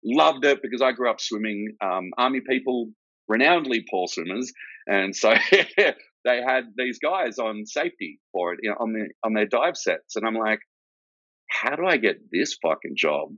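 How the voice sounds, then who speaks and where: Deep-voiced Australian man telling stories. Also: moderate pace, no room sound. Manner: laid-back, swears freely, animated storyteller. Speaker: guest, former soldier. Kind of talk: casual storytelling interview. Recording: dull, lo-fi and dry.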